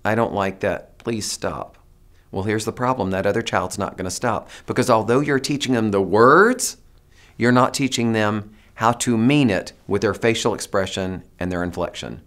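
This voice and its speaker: A man giving a presentation to teachers, animated and demonstrative, coaxing the audience to repeat phrases. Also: fairly low pitch, moderate pace. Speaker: teacher trainer.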